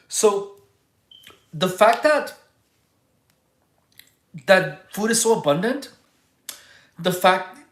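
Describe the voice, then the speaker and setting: A livestream host talking casually and answering viewers' chat, rambling and halting, restarting sentences and searching for words. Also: medium pitch, fairly bright tone, roomy sound.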